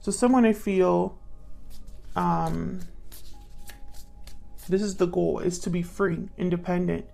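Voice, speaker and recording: A woman's voice: on the low side, steady tone, takes it slowly, gravelly, pauses often, mellow, faint music behind. A woman giving a casual tarot reading, thinking aloud and murmuring questions to the cards as she pulls them. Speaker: tarot reader.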